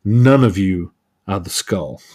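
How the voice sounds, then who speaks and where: A man's voice: low-pitched, lively intonation, slow pace, darkish tone, heavily acted. A man voicing an aloof older male villain with power over metal, reading his lines in a dry, dismissive way.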